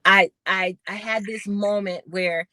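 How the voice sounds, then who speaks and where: A middle-aged woman, a podcast guest and former Olympic sprinter, telling her story with animated retellings of conversations. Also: mid-range voice, measured pace, no echo. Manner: animated storyteller acting out quoted voices.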